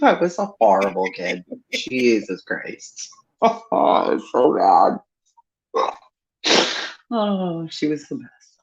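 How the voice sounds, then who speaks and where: A woman's voice: a bass voice, big pitch swings, slow pace, long pauses, a little mellow. A woman hosting a livestream chat, swearing freely and laughing as she tells family stories over a video call. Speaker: livestream host. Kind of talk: casual chat. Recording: dull lo-fi stream audio.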